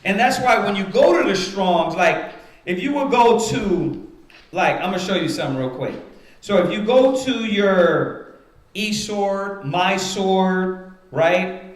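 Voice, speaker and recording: Slow, high-voiced man teaching in an echoing hall. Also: animated. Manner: rhetorical, repeatedly checks with "right?". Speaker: Bible study teacher. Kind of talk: teaching Bible study to a congregation. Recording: roomy echoing room.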